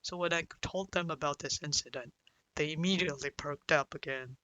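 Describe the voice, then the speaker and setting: A young man tells a personal story in a close, dry recording, circling back with restarts and "you know"s. His voice sits a little high and sounds bright and tense. He speaks haltingly and confessionally. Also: no room sound, poor audio. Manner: sighs and breaks down into whispers at emotional moments. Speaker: vlogger.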